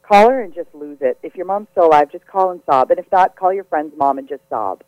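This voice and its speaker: A woman's voice: on the low side, expressive, a little fast, dry recording. A woman psychic medium talks through live radio readings in an effusive, giggly, chatty way. Her voice is close and dry on the studio mic. The broadcast sound is slightly dull.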